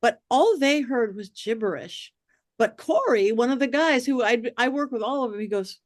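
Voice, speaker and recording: A woman with a fairly high voice, speaking as a psychic medium who is a guest on a podcast. She tells her stories with animation and slips into the voices of the people in them. The sound is dry and close, with no room echo. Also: normal speed. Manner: lively, acts out quoted voices. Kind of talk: animated storytelling in a podcast interview.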